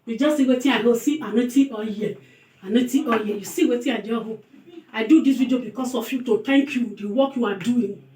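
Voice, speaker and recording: A woman with a Nigerian accent, warmly pouring out repeated birthday blessings in a casual vlog. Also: fairly high pitch, a little fast, a little hiss or hum. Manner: effusive, repetitive blessings, mixes pidgin with local language. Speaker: food channel vlogger. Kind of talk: casual birthday greeting to camera. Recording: roomy and distant from the mic.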